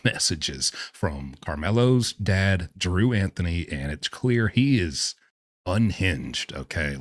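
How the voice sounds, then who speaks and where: A deep-voiced man hosts a casual true-crime commentary video, sounding sarcastic and exasperated as he makes scoffing remarks. The recording is clean studio sound with no room sound.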